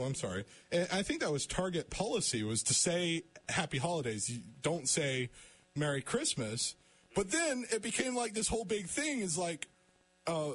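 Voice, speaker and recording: A young man hosts a casual radio talk show. His voice is slightly husky and a touch high. It rises and falls a lot as he stumbles through restarts. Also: fairly bright tone. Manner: halting, many restarts, laughs often.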